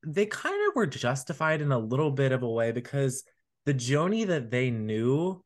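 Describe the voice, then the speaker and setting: This man co-hosts a podcast, keeping the conversation casual and meandering with plenty of filler words. He speaks at a moderate pace in a mid-range voice with lively intonation.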